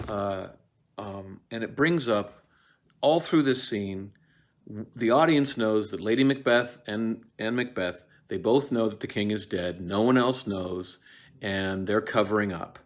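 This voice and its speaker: Low-voiced man lecturing casually. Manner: digressive, many fillers and restarts; acts out lines in quick quoted voices. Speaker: actor teaching Shakespeare.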